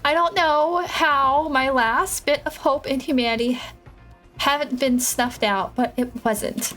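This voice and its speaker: A woman's voice: high voice, measured pace, fairly bright tone, soft background music. Woman reading a bitter brooding young man. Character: bitter heartbroken young man, gloomy loner. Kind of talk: reading game dialogue aloud.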